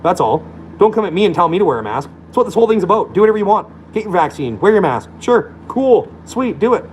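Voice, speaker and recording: A man's voice: sits high, very animated, fast, slight background noise, low-quality recording. A man delivering a blunt, profane, scornful rant to camera as a vlogger. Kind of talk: profane ranting monologue.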